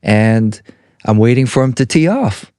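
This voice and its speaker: Middle-aged male podcast co-host, lively swooping delivery, casual anecdote style, dry close sound. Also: mid-range voice, a little slow, no room sound. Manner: animated storyteller who acts out other people's voices. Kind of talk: casual storytelling chat.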